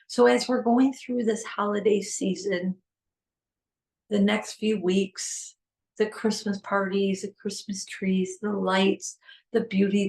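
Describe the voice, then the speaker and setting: A woman's voice: mid-range voice, a little mellow. A middle-aged woman hosting a heartfelt solo podcast, talking earnestly and pleading, repeating phrases for emphasis. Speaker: podcast host.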